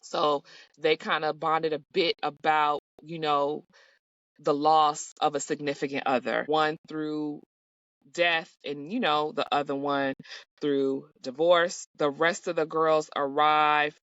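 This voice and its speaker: A woman's voice: low voice, fairly even intonation, slow pace, a bit bright, dry recording. Sassy, blunt woman recapping reality TV. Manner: sassy, blunt and profane, with slangy asides. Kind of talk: casual recap commentary. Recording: slightly dull, dry recording.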